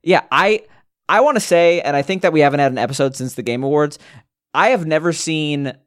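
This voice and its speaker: A young man co-hosting a casual gaming podcast, talking in an animated, rambling way with many restarts and fillers. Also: on the high side, fairly quick. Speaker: podcast co-host. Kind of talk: casual chat.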